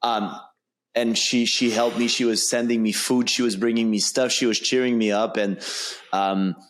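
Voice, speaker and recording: A man's voice: medium pitch, fairly even intonation, moderate pace. Informal male podcast host. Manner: warm, informal, says "bro". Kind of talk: casual conversation.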